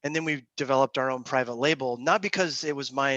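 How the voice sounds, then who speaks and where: A man speaking as a guest in a casual video-call interview, an animated and frank storyteller. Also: mid-range voice, quick pace, no room sound, highs cut off. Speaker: guest author and agency founder.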